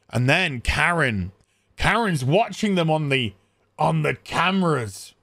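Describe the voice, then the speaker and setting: High voiced guy mocking a terrible movie, sarcastic, dead dry mic. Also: animated, takes it slowly, sharp tone, dry recording. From England. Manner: sarcastic, acting out characters in silly voices. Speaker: movie reviewer. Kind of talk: comedic movie recap.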